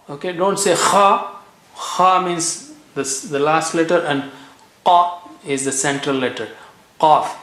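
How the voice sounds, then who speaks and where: A man teaching tajweed, slowly repeating each letter sound and checking in with "okay" as he drills pronunciation. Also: fairly high pitch, a bit bright. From India. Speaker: Quran recitation teacher. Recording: echoey room.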